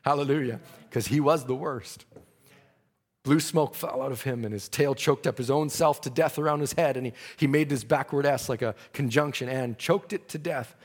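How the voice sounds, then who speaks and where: A man's voice: medium pitch, normal speed, in a large hall. A man preaching a sermon, telling a story dramatically and breaking into praise.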